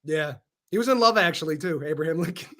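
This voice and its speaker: A man with a notably high speaking voice hosts a loose podcast conversation. He swears freely, laughs often and jumps between topics with animated energy. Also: fast talker. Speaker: podcast host. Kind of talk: casual chat.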